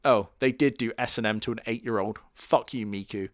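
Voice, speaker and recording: A man's voice: on the low side, fairly even intonation, brisk, no echo, clean studio sound. A man giving crude, sardonic comedic commentary on an anime. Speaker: anime reviewer.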